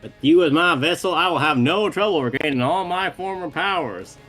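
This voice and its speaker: A man's voice: fairly high pitch, sing-song, a little slow, fairly bright tone, husky, faint music behind, pitched above the performer's own voice, exaggerated voice. A man reading the lines of a grandiose ancient male villain spirit from a game. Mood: gloating. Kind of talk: reading game dialogue aloud.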